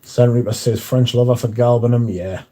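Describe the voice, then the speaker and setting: A man's voice: medium pitch, steady tone, moderate pace, warm tone. A man hosting a livestream in casual chat, reading out viewer comments and answering them in a dry, offhand way.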